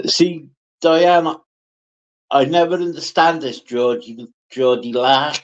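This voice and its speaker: Slow, sweary man chatting on a livestream. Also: on the high side, highs cut off. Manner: slow, sweary, chatty, answering comments by name. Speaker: livestreamer greeting viewers. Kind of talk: casual live chat.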